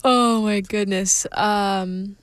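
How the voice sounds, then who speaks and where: A woman's voice: mid-range voice, fairly even intonation, very slow, clean tone, no room sound. A young woman hosting a college radio show, tired and sleepy, giggling and joking as she talks. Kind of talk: casual radio chat.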